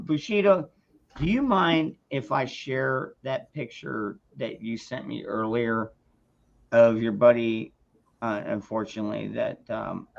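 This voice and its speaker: A man's voice: mid-range voice, vocal fry. A man ranting on a casual livestream, angry and profane, stumbling through restarts as he talks. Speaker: streamer. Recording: dull lo-fi sound.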